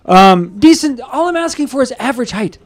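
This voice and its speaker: A man's voice: fairly quick, background noise. A man in casual podcast banter, teasing and joking, with big swings in his delivery. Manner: jokey, teasing, animated swings in pitch.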